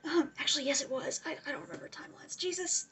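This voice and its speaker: A woman's voice: sits high, fast, a bit bright, slight background noise. A young woman casually retelling history for laughs, rambling and swearing with throwaway asides. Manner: rambling, profane, giggly asides. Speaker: vlogger.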